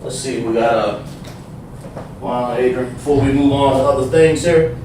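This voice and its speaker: A man's voice: mid-range voice, little pitch movement, distant mic. Echoey man teaching a class. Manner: explains slowly, repeats himself, sounds out letters. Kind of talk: livestreamed class. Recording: echoey room, voice from off the mic, faint noise.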